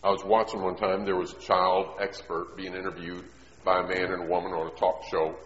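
A middle-aged man preaches a sermon in a long, echoing hall, his deep voice sounding slightly muffled and dull. He speaks fairly quickly with little pitch movement, drifting from easy storytelling into loud, emphatic preaching and back.

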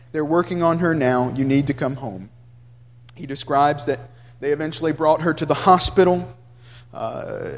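A man preaching a sermon, reading a grieving father's account aloud with earnest, slow emotion that drops soft at the grave moments. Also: a little high, long reverb tail.

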